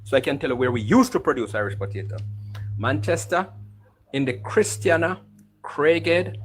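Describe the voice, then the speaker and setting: A Jamaican man debates politics in a mid-pitched voice, firm and methodical. He lists places and facts one by one and keeps talking over interruptions. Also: fairly bright tone, poor audio. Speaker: political commentator.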